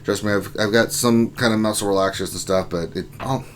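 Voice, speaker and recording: A man's voice: lowish voice, brisk, a little hiss or hum. A man hosting a casual live stream, reading viewer messages aloud and greeting each one by name, with a sore back and allergies. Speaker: stream host reading chat.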